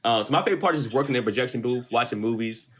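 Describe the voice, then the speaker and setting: A young man with a mid-pitched voice tells work stories on a podcast. He talks in a laid-back, blunt way and swears freely. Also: expressive, racing, a bit bright. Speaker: podcast co-host. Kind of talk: casual storytelling chat.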